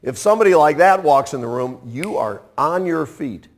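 A man in his sixties, a pastor preaching a sermon in an animated way, acting out playful voices and chuckling as he goes. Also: on the high side, moderate pace. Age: 60s.

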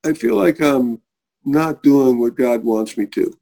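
Middle-aged male guest with a gravelly, warm, husky voice, earnest storyteller who acts out the people he quotes. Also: medium pitch, expressive, measured pace. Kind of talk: telling a personal faith story.

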